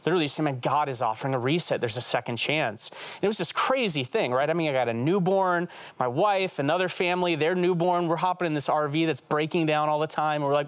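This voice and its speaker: A man in his thirties, an evangelist guest telling an animated story in an earnest, fast way on a talk show. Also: fairly high pitch, dry recording. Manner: earnest, fast, says "right?" often.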